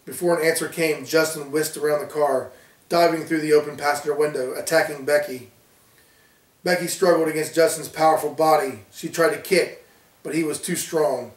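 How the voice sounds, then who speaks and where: A man reading his own horror story aloud with a steady storytelling delivery. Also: a little high, normal speed. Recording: roomy, distant from mic.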